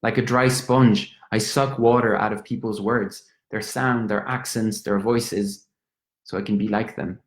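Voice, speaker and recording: Stage monologue: a man playing a tipsy, apologetic young Frenchman with a French accent, fairly low voice, echoey room. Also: fairly even intonation, measured pace. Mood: rueful. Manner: rambling, stammering, switches between English and French. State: drunk. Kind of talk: theatrical monologue. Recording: roomy echo.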